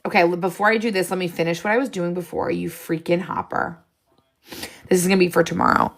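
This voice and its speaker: Excitable woman with a gravelly voice. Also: lowish voice, fast talker. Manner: excitable, jumps between ideas, frequent laughs. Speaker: live stream host. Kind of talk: casual live stream chat.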